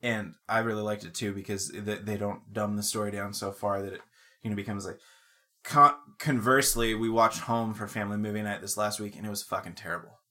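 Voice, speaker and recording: Low-voiced man rambling on a podcast. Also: steady tone, brisk, sharp tone. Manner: rambling, lots of ums and restarts, swears casually. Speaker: podcast co-host. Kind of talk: casual podcast chat.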